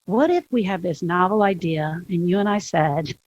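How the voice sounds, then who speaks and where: A woman's voice: fairly low pitch, normal speed, highs cut off. A woman co-hosting a podcast, talking about grief in an emphatic way and building her points through repetition and questions. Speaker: podcast co-host. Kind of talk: reflective conversation about grief.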